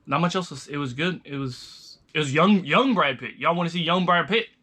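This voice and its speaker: A young man talks casually to camera, rambling loosely and starting his sentences over. His voice is bright and forward, pitched a little high for a man. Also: animated, fairly quick. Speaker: vlogger reviewing movies. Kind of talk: casual chat.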